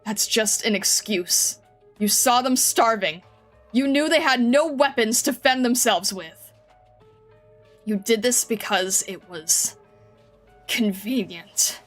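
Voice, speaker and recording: A woman's voice: fairly high pitch, slow pace, pauses often, a bit bright. A woman voicing a stern young woman investigator who speaks coldly and accuses, over faint background music. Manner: cold and accusing, rising to anger.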